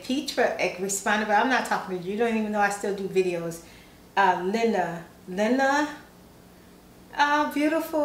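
A woman ASMR vlogger with a high-leaning voice reads fan messages aloud, chatting casually, giggling often, teasing herself and sounding sleepy. The audio is poor and roomy, with a little hiss or hum.

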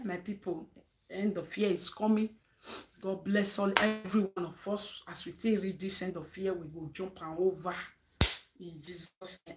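A woman's voice: mid-range voice, background noise. A woman with a Nigerian accent giving advice straight to her viewers, emphatic and preachy, mixing Pidgin with English. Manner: emphatic, preachy, asks "eh?" for agreement. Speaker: vlogger. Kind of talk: advice monologue.

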